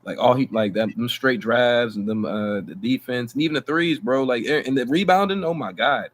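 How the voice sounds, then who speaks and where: A man talking hoops on a podcast with loose slang, jumping up in pitch when he gets hyped. He laughs easily and keeps things casual. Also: brisk. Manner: animated, heavy slang, laughs often. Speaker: podcast co-host. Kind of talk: casual sports chat.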